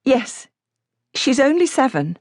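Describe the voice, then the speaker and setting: A woman voicing a frightened young mother who pleads for shelter, halting and close to tears. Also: high voice, big pitch swings, a little mellow, no room sound, voice pushed up, full character voice. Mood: pleading.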